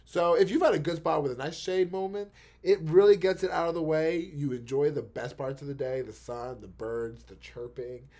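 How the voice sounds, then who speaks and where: A man from New York co-hosting a casual chat, emphatic and profane, with animated rants. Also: fairly high pitch, normal speed. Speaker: podcast co-host.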